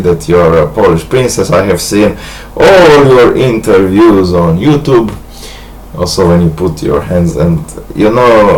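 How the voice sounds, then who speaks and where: Halting, grandiose man. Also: low voice, low-quality recording. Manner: hesitant, halting, many restarts and fillers; grandiose, earnest monologue. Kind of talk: rambling personal video message.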